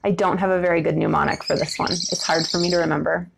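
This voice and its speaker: A woman's voice: fairly low pitch, fairly even intonation, quick pace, vocal fry, background noise. A woman education director giving a casual online talk about birds, answering viewer comments with many filler words.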